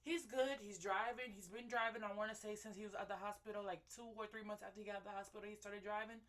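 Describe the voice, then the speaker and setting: A woman, talking casually to her viewers in a halting, rambling way, full of fillers and self-corrections, candid and heartfelt. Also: medium pitch, fairly even intonation, fairly bright tone. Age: late 20s. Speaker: vlogger. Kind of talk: casual personal update to viewers.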